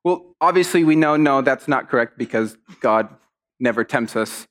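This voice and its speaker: A man giving a conversational sermon, telling stories in an animated way and acting out what people said. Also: mid-range voice, normal speed. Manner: storytelling, animated, acts out quotes. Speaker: preacher.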